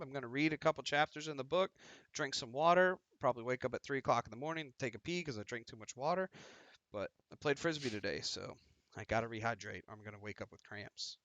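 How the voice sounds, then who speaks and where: A man's voice: mid-range voice, pushed and bright, dry recording. A man hosting a casual livestream chat, joking and swearing freely as he talks. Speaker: stream host.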